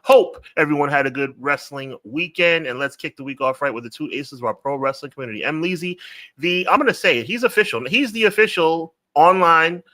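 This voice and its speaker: A man's voice: fairly high pitch, lively intonation, pushed and bright, no room sound. Laid-back podcast co-host man, dry close sound. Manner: laid-back, quick banter. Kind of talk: casual podcast chat.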